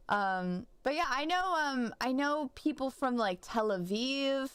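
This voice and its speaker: A young woman talks loosely to her viewers while she games, drifting from one thought to the next and stacking up "like" and false starts. Her voice comes through smooth and clean. The sound is dry and close, with no room echo. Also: high-pitched, expressive, a little slow, few pauses, fairly bright tone. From United States. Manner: rambling and chatty, full of "like" and restarts. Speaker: streamer. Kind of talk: casual live-stream chat while gaming.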